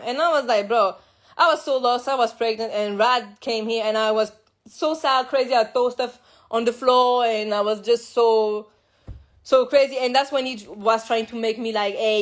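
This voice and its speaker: A fairly high-voiced young woman from France tells her own story in English, her first language being French. She talks haltingly, circling back and repeating words as she goes. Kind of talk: personal confessional monologue.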